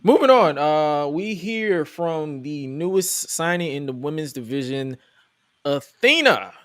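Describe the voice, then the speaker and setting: A man's voice: a little high, expressive, measured pace, fairly bright tone, no echo. A man hosting a podcast, recapping wrestling in a casual, joking, incredulous way. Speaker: podcast host.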